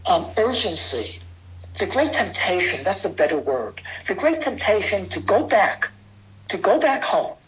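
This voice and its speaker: A man's voice: high voice, rough recording. An older man from New York City, earnestly telling his personal testimony in an interview, emphatic and often restarting his sentences. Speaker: guest sharing his testimony.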